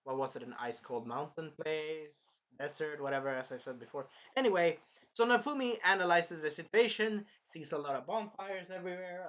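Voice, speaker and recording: A man's voice: on the high side, fairly bright tone. Rambling man reviewing an anime episode. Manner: rambling, swears casually, retells scenes in quoted voices. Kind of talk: casual episode review chat.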